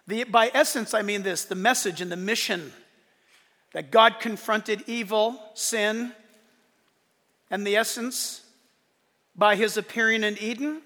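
Man, pastor, animated sermon, high bright voice, long church-hall echo. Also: measured pace, long pauses. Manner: animated preaching, acts out quoted voices.

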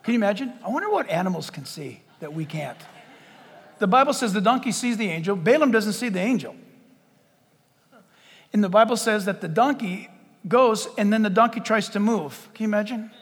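Male pastor, sermon, animated, laughing, high voice, long hall reverb. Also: brisk, husky. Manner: animated, acts out scenes, laughs often.

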